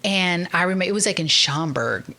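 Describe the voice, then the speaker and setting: A woman guest on a podcast, sharing her personal faith testimony as a lively storyteller who acts out the people she quotes. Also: fairly low pitch, fairly quick.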